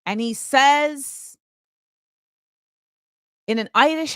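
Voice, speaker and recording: A woman's voice: high-pitched, big pitch swings, a little slow, long pauses, pushed and bright, no echo, studio quality. A woman hosting her own show, delivering an impassioned film commentary monologue and repeating key phrases for emphasis. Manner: opinionated and impassioned. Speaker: show host.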